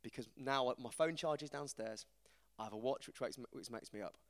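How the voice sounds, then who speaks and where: A man, giving an informal, self-deprecating talk to a church group, animated as he tells stories. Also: mid-range voice, moderate pace. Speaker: preacher. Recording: reverberant hall.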